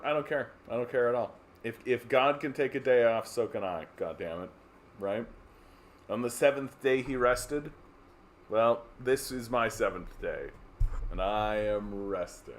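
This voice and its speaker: Man, from Canada, livestream host, slow-paced, sarcastic rambling rant, mid-pitched. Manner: sarcastic, swears, mocks people in put-on voices; rambling, with many fillers. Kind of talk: casual political rant.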